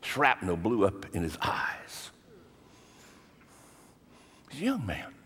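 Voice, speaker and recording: An older male pastor preaching a sermon, telling stories dramatically and swinging between hushed and raised delivery. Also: lowish voice, huge pitch swings, takes it slowly, breathy edge. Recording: long hall reverb.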